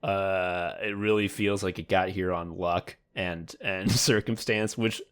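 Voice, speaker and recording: A man's voice: deep voice, fairly even intonation, unhurried, fairly bright tone, clear, resonant tone. A man co-hosting a comedy podcast, rambling in a mock sports announcer manner. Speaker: podcast co-host.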